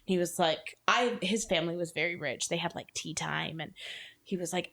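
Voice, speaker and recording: A woman on a podcast telling a story in casual chat, acting out the people she quotes with sudden jumps in pitch. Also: normal speed, vocal fry, pushed and bright. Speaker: podcast co-host.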